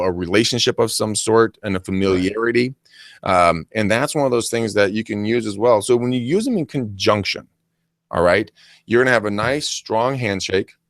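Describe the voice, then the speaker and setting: A man co-hosting a casual coaching chat, animated and acting out silly greetings as he talks. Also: lowish voice, no room sound, studio quality. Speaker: podcast co-host.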